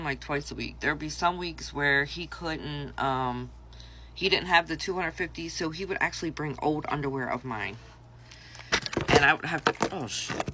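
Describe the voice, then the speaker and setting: Woman, bright voice, casual storytime, animated, faint noise behind. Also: sits low. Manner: chatty, blunt, animated, swears freely. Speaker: vlogger.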